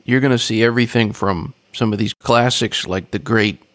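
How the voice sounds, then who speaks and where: A man's voice: on the low side, moderate pace, a bit bright, dry recording. A man hosting a podcast interview, asking the guest questions with enthusiasm. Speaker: podcast host.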